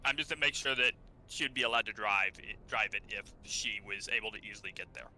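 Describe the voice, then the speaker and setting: Very bright-voiced man playing a tabletop game. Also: fairly low pitch, fast talker, a little hiss or hum. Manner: casual, chatty. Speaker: player. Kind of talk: casual play at a tabletop game.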